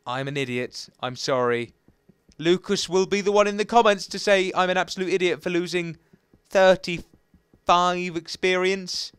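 A young man giving excitable, chatty, self-mocking commentary while playing a video game. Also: high voice, normal speed, clean tone, no room sound. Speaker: gaming channel host. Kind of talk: Let's Play commentary.

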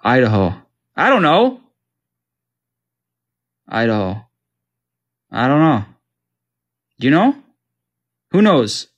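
Slow-talking Canadian guy playing a map game. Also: medium pitch, huge pitch swings, lo-fi sound. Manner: confused, self-talking, joking. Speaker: gamer. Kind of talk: casual gaming commentary.

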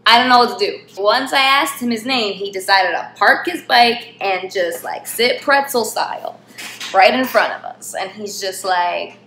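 A young woman from New York telling a funny travel story in a casual, animated way, laughing often and saying "like" a lot. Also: on the high side, a little slow. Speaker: vlog host. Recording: echoey room with faint hiss.

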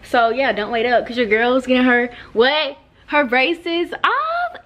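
A young woman in her twenties chatting casually to her viewers in a playful, excitable vlog, recorded on a camera mic. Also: high-pitched, a little slow. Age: 20s. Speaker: vlogger. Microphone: handheld camera mic.

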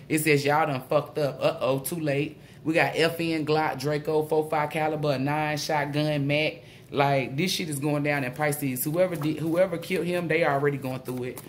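A woman doing a casual spiritual tarot reading, excitable and blunt, swearing freely. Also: deep voice, slight background noise. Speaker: tarot reader.

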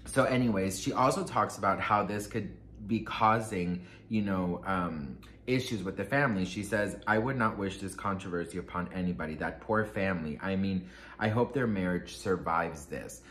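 A man telling a casual gossip storytime on his vlog, sassy and expressive, swearing freely and calling the viewer "girl". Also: deep voice, normal speed, echoey room, a little hiss or hum. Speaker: vlogger.

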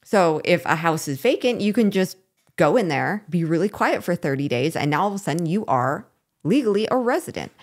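Female co-host, low-ish voice, animated and quick to chime in. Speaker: podcast co-host. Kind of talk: casual commentary.

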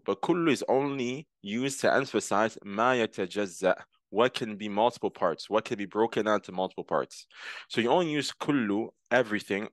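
A man with a lowish voice explains grammar step by step, slipping in words and translating each one. He repeats key terms patiently as he teaches. The recording is close and dry, with no room sound. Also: a bit bright, no room sound.

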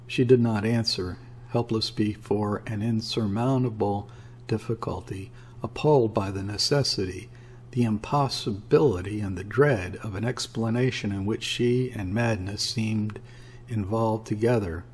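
A man reading a classic story aloud as an audiobook narrator, in a measured way. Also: on the low side, a little mellow, a little hiss or hum.

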